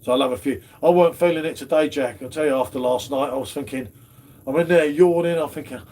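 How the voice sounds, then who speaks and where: A man's voice: on the high side, fast, darkish tone. A man hosting a casual beer chat stream, slangy and chatty. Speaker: host of a beer review stream.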